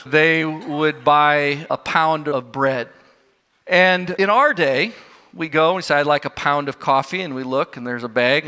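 A man's voice: on the high side, pushed and bright. A man preaching a sermon to his congregation, earnest and questioning his listeners. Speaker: pastor. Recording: long hall reverb.

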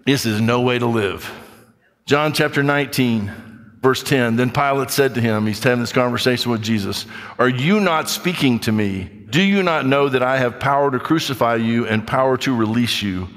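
A man preaching a sermon, reading scripture and acting out skeptics in quick, animated asides. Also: medium pitch, long reverb tail. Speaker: pastor.

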